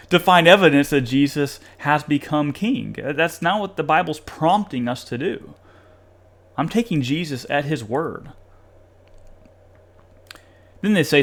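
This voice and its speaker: A man hosting a podcast, reading passages aloud and commenting in an animated, sarcastic way with occasional laughs. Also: a little high. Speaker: podcast host reviewing a study article.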